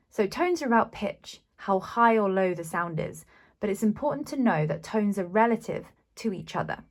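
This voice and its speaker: A woman teaches a beginners' language lesson in an unhurried, measured way. She explains patiently and sounds out each syllable with care, at a middle pitch for a woman. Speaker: Mandarin teacher. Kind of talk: slow, clear language lesson.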